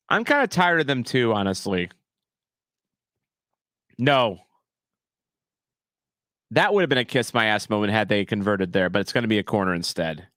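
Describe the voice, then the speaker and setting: A man streaming a casual watch-along of a live match, animated and jokey, shouting at near-misses. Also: lowish voice, normal speed, pauses often, no echo, clean studio sound.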